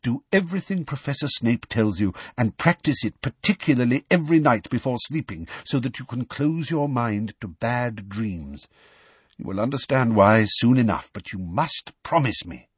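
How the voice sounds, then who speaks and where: A man voicing a wise elderly male wizard headmaster, speaking low, measured and earnest. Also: animated, slightly rough, no echo. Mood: urgent.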